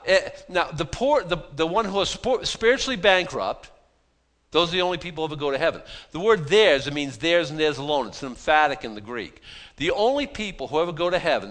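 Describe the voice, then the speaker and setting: A man preaching an expository sermon, animated, with frequent restarts and acted-out pleas. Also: fairly high pitch. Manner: animated, dramatizes pleas in voiced asides; frequent restarts and repeated words. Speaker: pastor.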